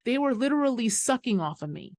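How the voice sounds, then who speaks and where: A woman podcast host telling a story in an animated, emphatic way, swearing freely as she talks. Her voice sits a little high, and the recording is close and dry with no room sound. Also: fast, no room sound. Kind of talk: casual conversational storytelling.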